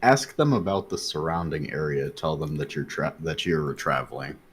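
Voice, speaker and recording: Very deep husky male player. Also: normal speed. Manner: hesitant, low-key, with fillers. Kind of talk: tabletop game play.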